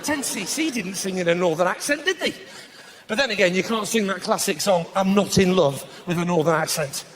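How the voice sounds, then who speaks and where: A man doing live stand-up comedy in a large venue, bantering with the crowd, mocking, and breaking into bursts of shouting. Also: high-pitched, animated, brisk. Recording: live show with loud audience laughter.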